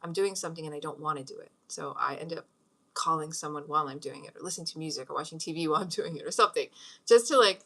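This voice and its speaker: Bright-voiced chatty woman. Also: low-pitched, very fast. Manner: chatty, rambling, laughs often. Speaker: host leading a meditation practice. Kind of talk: casual spoken talk with guided breathing.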